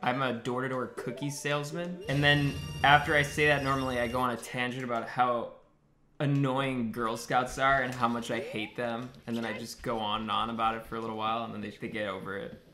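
A man's voice: mid-range voice, little pitch movement, fairly quick. A young man streaming a video game, swearing and joking sarcastically with his chat in loose, casual commentary. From United States. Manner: swearing, sarcastic, chatting with viewers. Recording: game music playing behind. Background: game music.

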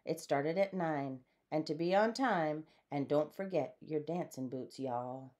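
A woman reading a storybook aloud in a lively way, changing her voice for the characters. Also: low-pitched, unhurried. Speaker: storybook reader. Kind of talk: read-aloud storybook narration.

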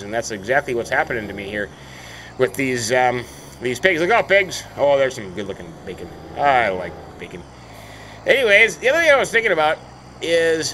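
A chatty man gives casual gameplay commentary, thinking aloud as he goes. His pitch swings widely from low mutters to high surprised exclamations. A faint noise sits behind his voice. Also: fairly bright tone, rough recording. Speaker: let's play host.

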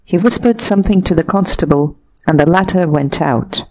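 A woman narrating an audiobook of a classic short story in a steady, measured way. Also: lowish voice. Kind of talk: scripted narration.

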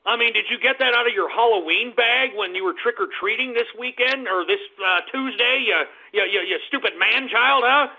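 Loud abrasive radio guy yelling at callers, high gravelly voice, tinny phone-line sound. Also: normal speed, hardly any pauses. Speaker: call-in radio host. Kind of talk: call-in radio rant.

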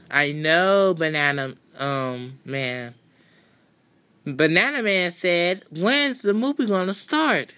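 A woman hosts a homemade toy show. She announces slowly, drawing out her words like a showman, and her voice rises and falls a lot. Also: on the low side, fairly bright tone, no room sound. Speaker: host of a homemade toy video. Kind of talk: playful announcing.

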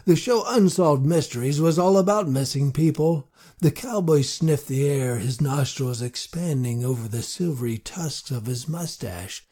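A man's voice: fairly high pitch, animated, a little slow, dark tone, slightly rough. A man earnestly narrating a first-person fantasy audiobook.

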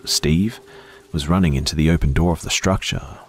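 Man, very deep voice, husky, hushed dramatic horror narration, drops to whispers. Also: normal speed. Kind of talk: scripted first-person horror narration.

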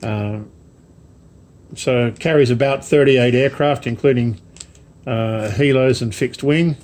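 Man, hobby vlogger, slow unhurried talk, lots of ums, camera mic at home. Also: medium pitch, darkish tone. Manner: rambling, slow, many ums and asides. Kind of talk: casual unboxing chat to camera.

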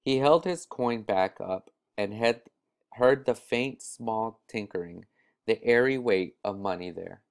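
A man reading a short story aloud in a measured way, now and then restarting a word. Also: lowish voice, creaky. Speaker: reader.

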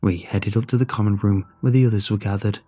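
A man reads a first-person horror story in a tense, scripted delivery. His voice is low, dark and husky. Faint music plays behind him. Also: fairly even intonation, fast. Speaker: narrator.

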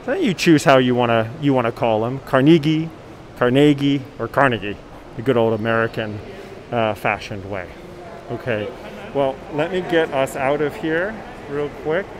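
A man's voice: mid-range voice, animated, normal speed, low-quality recording. Chatty man guiding a live walking tour. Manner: chatty, reads viewer comments aloud. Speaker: tour guide. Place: inside a library, then outdoors on a city street.

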